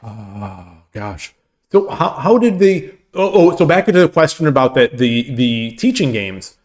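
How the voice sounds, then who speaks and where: A man chats casually on his own stream in a loose, rambling way, often stopping to restart a thought. His pitch sits in the ordinary middle range for a man. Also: very animated, measured pace, darkish tone. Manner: rambling, full of restarts and laughter. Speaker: streamer and host. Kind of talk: casual chat with stream viewers.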